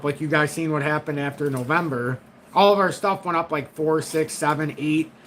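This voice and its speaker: Middle-aged male host, bright and forceful, blunt and cussing, faint hum behind. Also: fairly high pitch, low-quality recording. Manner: blunt and profane, frank, talks straight to his audience. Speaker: crypto trading channel host. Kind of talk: casual market commentary to viewers.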